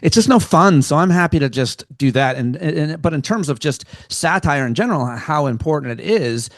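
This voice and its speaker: A man's voice: on the high side, lively intonation, moderate pace, dry recording. Guy comedian on a radio panel, earnest, rambles, restarts, dry close mic. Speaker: comedian and podcast host, panel guest. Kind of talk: casual panel chat.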